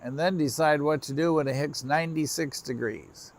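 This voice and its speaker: Tired man, gravelly voice. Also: fairly high pitch, moderate pace. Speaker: railfan livestream host. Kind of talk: casual live-stream chat to viewers. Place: outdoors trackside at night. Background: crickets and insects chirping.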